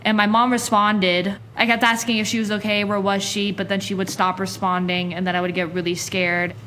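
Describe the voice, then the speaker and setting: Young woman speaking flatly about a disaster. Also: medium pitch, brisk, slight background noise. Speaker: disaster survivor, interviewee.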